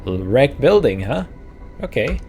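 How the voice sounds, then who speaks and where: A man's voice: medium pitch, sing-song, a little slow, darkish tone, faint music behind. A man hosting a let's play, musing and hesitant as he thinks aloud through casual gameplay commentary.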